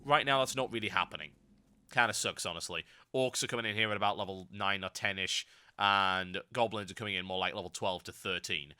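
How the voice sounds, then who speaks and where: Hoarse, nasal man with a very bright voice. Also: low-pitched, a little fast. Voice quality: slightly nasal. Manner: ranty, sarcastic asides. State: hoarse voice with a cold. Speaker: game commentator. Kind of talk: gameplay commentary.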